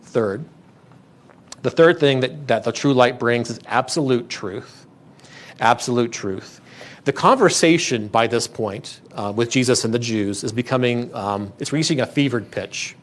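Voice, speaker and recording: A man's voice: mid-range voice, a little slow. A man pastor preaching a sermon in a church, earnest and emphatic, often restarting his phrases.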